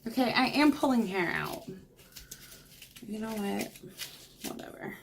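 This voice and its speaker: A woman's voice: on the high side, measured pace, gravelly, long pauses, noisy background. A young woman, chatting casually through an unboxing vlog at home and cooing at her dog. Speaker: beauty vlogger.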